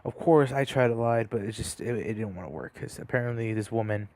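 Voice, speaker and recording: A man's voice: on the low side, fairly quick, a little mellow, no room sound. A young man casually telling a story over gameplay, rambling with lots of fillers and restarts. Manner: rambling, many fillers and restarts, laughs at himself.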